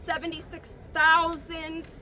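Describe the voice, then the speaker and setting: A woman's voice: very high-pitched, monotone, slow, sharp tone. A young woman giving an emotional, rousing protest speech outdoors, now and then stumbling over words. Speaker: rally speaker. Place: outdoor campus green. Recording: outdoor street noise, faint.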